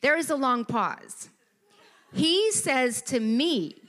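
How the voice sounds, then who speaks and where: Animated woman telling a testimony. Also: high voice, slow pace. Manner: animated storytelling, acting out quoted voices. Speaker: speaker at a church gathering. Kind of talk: personal testimony talk.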